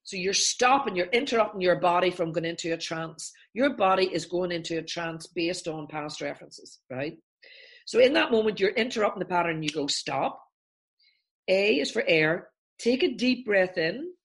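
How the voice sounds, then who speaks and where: Animated woman therapist explaining a technique. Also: fairly low pitch, normal speed. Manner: animated, acts out examples in voices. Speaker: therapist guest.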